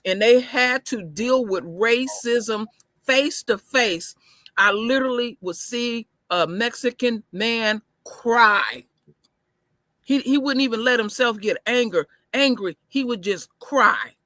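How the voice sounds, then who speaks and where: Bright, forceful woman co-host. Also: a little high, takes it slowly, dry recording. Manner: forceful storytelling, interjects often. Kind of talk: casual opinion talk.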